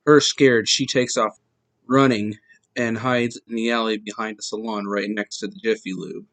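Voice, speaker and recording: A man's voice: fairly low pitch, fairly even intonation, measured pace, fairly bright tone, no room sound, rough recording. A man hosting a podcast, plainly reading true-story accounts in the first person.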